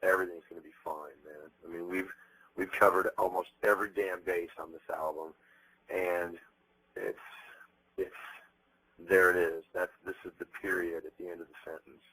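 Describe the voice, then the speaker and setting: A man in his thirties being interviewed, telling stories bluntly with plenty of profanity and animated energy. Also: sits low, normal speed, pauses often, husky, poor audio. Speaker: interviewed musician. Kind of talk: candid interview talk.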